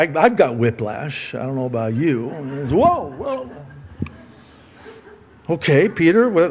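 A pastor preaches a conversational sermon, moving from soft, low asides to loud, emphatic questions.

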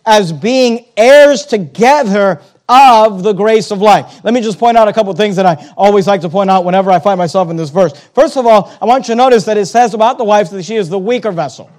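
Man, pastor, sermon, high voice, emphatic, repeats phrases, addresses congregation. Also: a little fast, hardly any pauses, darkish tone.

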